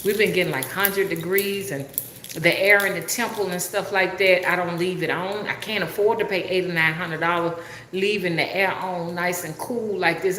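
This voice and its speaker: A woman's voice: fairly low pitch, a bit bright, a little hiss or hum. A woman who gives spiritual readings, chatting casually to her viewers and complaining about the heat. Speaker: spiritual reader. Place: temple room. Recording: roomy echo.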